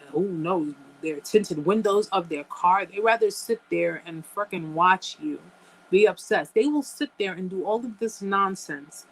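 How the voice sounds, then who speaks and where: A woman's voice: medium pitch, a bit bright, poor audio. Woman on a live chat, fired up, keeps repeating herself, talks right to the viewers. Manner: emphatic, repeats phrases, addresses viewers as guys. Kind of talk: casual live-stream chat.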